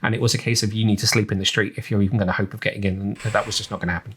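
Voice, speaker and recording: A man's voice: on the low side, flat delivery, very fast, fairly bright tone, slight background noise. A man with an English accent, chatting on a podcast and rambling with lots of ums and restarts. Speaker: podcast co-host. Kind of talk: casual chat.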